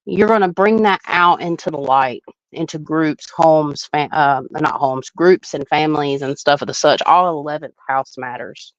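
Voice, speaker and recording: A woman astrologer talks through a chart live in a loose, chatty way, often breaking into laughter. Her voice sits a little low. The sound is dry and a touch dull, like a home live stream. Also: moderate pace, no room sound. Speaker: astrologer hosting a live reading. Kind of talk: casual live chart reading.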